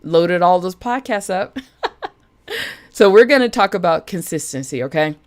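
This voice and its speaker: A woman hosting a casual live stream as a budget coach, chatty and animated, greeting viewers by name. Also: fairly low pitch, a little slow.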